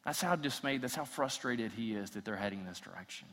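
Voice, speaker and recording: Bright-voiced preacher in a reverberant hall. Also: male voice, lowish voice, animated, a little fast. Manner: reads scripture aloud, acts out quotes with rising intensity. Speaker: pastor. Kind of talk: sermon.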